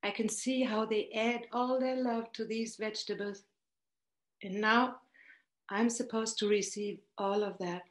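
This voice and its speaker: A woman tells a personal story in a slow, heartfelt way, taking her time over every image. Her mid-range voice rings in a roomy echo. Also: mid-range voice, fairly even intonation. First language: German. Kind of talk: reading a personal story aloud.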